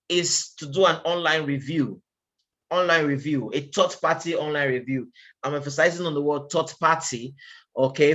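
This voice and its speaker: A man's voice: on the high side, fairly bright tone, highs cut off. A man presenting a trading webinar in a casual, conversational way, often checking in with "okay" and pressing his points with rhetorical questions.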